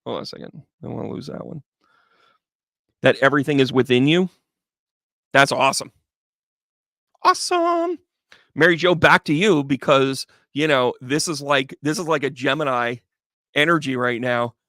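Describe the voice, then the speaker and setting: A man's voice: medium pitch, moderate pace, a bit bright, dry recording, studio quality. A man giving a chatty, upbeat live tarot reading, talking straight to viewers by name. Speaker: tarot reader.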